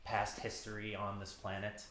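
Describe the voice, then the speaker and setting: A man's voice: fairly low pitch, completely flat delivery, normal speed, a bit bright, echoey room. A man asking dry, wry questions in casual chat during a lecture. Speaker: audience member.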